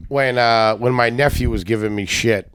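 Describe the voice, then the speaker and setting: Man, mid-pitched voice, dry teasing, laid-back podcast co-host. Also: takes it slowly, a bit bright. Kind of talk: casual podcast chat.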